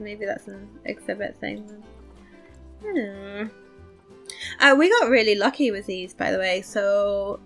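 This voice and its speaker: A woman's voice: on the high side, creaky, fairly bright tone. A woman giving casual commentary while playing a game, chatty, thinking aloud and poking fun at herself. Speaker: let's play host.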